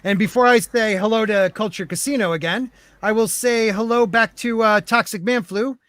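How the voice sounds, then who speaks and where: A man's voice: sits high, normal speed, fairly bright tone, dry recording. A man hosting a livestream podcast, joking around and thanking viewers for their donations. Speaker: podcast host. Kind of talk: casual livestream chat.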